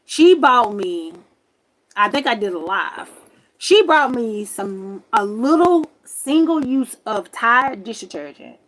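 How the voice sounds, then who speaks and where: Forties woman ranting on a live stream, kinda high voice, swears a lot, super emphatic. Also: slow pace, slight background noise. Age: 40s. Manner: animated, emphatic, swears freely. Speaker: livestreamer. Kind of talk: casual storytelling rant. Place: at her grandmother's home.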